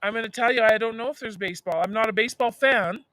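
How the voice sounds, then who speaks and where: A man's voice: high voice, fast talker, bright, forceful tone, dry recording, poor audio. A man co-hosting a casual livestream chat outdoors, teasing his partner and reading out viewer comments. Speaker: co-host. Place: outdoors in direct sun.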